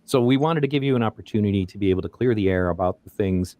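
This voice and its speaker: A man with a fairly low voice introduces the guests, measured and earnest. His co-host delivery is steady. The sound is dry and close, with no room echo. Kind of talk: interview introduction.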